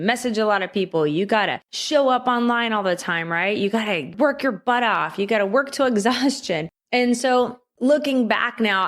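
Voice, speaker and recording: Woman host, solo podcast monologue, conversational and chatty, mid-range voice. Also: medium pitch. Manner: chatty and conversational, asks "right?" often.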